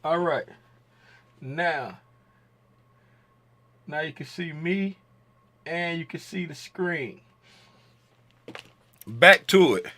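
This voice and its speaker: A man hosting a trading livestream in casual chat, joking around and shouting out viewers in chat by name. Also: on the high side, very slow, long pauses.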